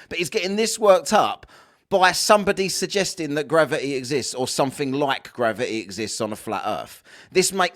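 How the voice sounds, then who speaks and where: Animated swearing man, high voice. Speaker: podcast host. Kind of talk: reaction commentary.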